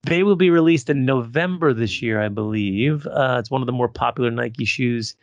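A man's voice: mid-range voice, normal speed, no echo, muffled recording. A middle-aged man co-hosting a casual fan podcast, rambling with fillers and restarts. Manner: rambling with fillers and repeated starts. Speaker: podcast co-host.

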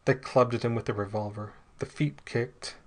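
A man with a middle-pitched voice reads a story aloud as narrator. His delivery is steady and dramatic, with scripted pacing. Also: normal speed.

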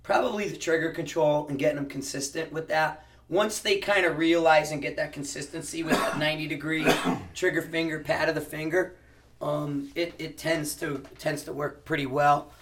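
A man's voice: on the high side, fairly even intonation, normal speed, a bit bright, distant mic. A man who teaches precision rifle shooting, answering interview questions casually and explaining with practical analogies, often restarting his sentences.

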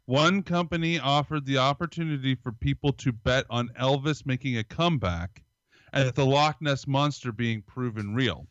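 A man's voice: medium pitch, normal speed, fairly bright tone, dry recording, highs cut off. A man co-hosting a podcast, reading an article aloud with dry, wry remarks. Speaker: podcast co-host.

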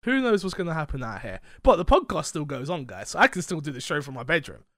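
A fairly high-voiced man with a London accent chats loosely as a podcast host, wandering into jokey tangents. He sounds stuffy with a blocked nose and sore throat. The recording is close and dry. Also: sing-song, fast talker, fairly bright tone, no echo. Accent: London English. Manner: rambling, joking, tangent-prone. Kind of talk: casual podcast chat.

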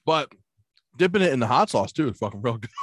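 A man's voice: mid-range voice, brisk, no echo, clean studio sound. A man chatting casually, swearing and laughing a lot as a guest. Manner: profane, laughing, excitable. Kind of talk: casual chat.

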